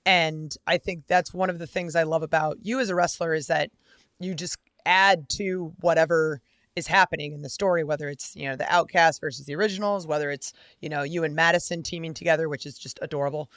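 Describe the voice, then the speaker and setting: A man's voice: fairly high pitch, steady tone, fairly quick, a bit bright, clean tone, dry recording, studio quality. A man hosting a casual podcast interview, effusive and complimentary toward his guest. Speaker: podcast host.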